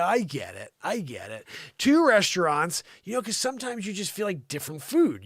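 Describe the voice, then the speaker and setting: A high-pitched man riffs through a comedy news segment with wildly swinging intonation, sarcastic and animated. His voice sits close and dry in a small studio, jumping from shouts to muttered asides. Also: creaky, no room sound. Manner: animated, sarcastic, jumps between loud outbursts and mutters. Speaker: comedy show host. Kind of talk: improvised comedic news riff. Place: home studio.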